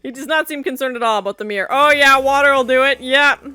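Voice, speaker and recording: A woman's voice: high-pitched, fast, bright, forceful tone, dry recording. A woman hosting a reaction video, chatting casually and laughing as she comments on an old TV episode. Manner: chatty, laughing, playful asides. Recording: music from the show playing behind.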